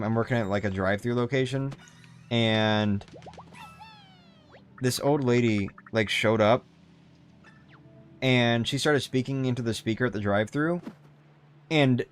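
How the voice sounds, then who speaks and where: A young man chatting loosely while streaming a game, rambling and swearing casually. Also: medium pitch. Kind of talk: casual live-stream commentary.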